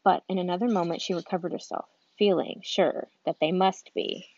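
A woman's voice: lowish voice, steady tone, normal speed, darkish tone, no room sound, dull audio. A woman reading a children's book aloud from a street, informal, with restarts and asides. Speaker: reader.

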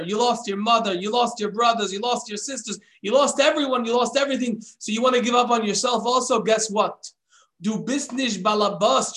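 A man's voice: extremely high pitch, pushed and bright. A man voicing an elderly revered sage who explains and exhorts in an emphatic, fatherly way.

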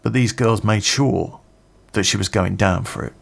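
Blunt young woman in a park, as a male storyteller quotes her, low gravelly tone, flat gossip. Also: normal speed, exaggerated voice. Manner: blunt, matter-of-fact gossip.

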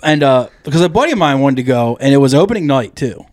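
A man's voice: medium pitch, lively intonation, fast, a little mellow. A man co-hosting a casual comedy podcast, telling rambling, profane stories and acting out the people in them. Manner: profane, rambling storyteller who acts out the people in his stories. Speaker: podcast co-host.

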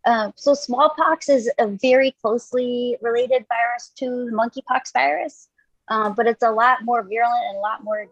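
Husky-voiced woman explaining medical points. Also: on the high side, fairly even intonation, normal speed, no echo, dull audio. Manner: explanatory, self-conscious, laughs often. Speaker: guest doctor. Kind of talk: casual podcast chat.

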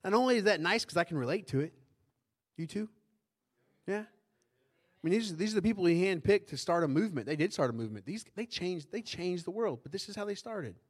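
A man's voice: high-pitched, lively intonation, a little fast. A middle-aged man preaching a sermon as pastor, in a conversational way that keeps asking the congregation questions.

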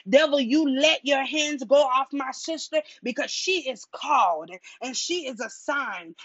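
A woman preaching a fiery motivational sermon, making bold, defiant declarations that build to shouts. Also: sits high, no echo, dull audio.

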